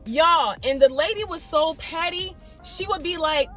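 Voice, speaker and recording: High-voiced woman telling a lively story. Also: unhurried, hardly any pauses, soft background music. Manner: animated storytelling, mimics others in quotes. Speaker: vlogger. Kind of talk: storytime vlog.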